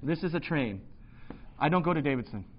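A man's voice: a little high, lively intonation, a little fast, muffled recording, background noise. A man preaching in a church, casual and self-deprecating, talking to his congregation. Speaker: pastor. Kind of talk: sermon. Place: church hall.

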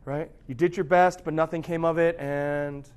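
A young man, serving as pastor to a youth group, preaches a sermon that shifts between quiet, low passages and loud, intense ones. He acts out quoted thoughts by repeating them. His intonation stays fairly even, his pace is normal, and the tone is clean.

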